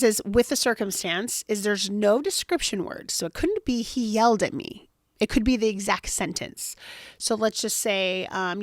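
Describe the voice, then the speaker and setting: A woman's voice: medium pitch, no echo, clean studio sound. A woman hosting a motivational podcast, talking animatedly and acting out quoted voices. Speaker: podcast host.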